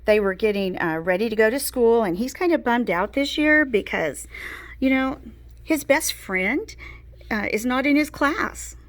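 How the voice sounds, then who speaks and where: A woman teacher running an online class and reading a story aloud, gentle and explanatory. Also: a little high, expressive, measured pace.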